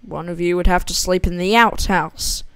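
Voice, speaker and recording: A young gamer voicing a gruff countryside farmer, giving him a hammy put-on rural voice for a silly story. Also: medium pitch, normal speed, a bit bright, dry recording, close to an everyday voice. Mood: stern.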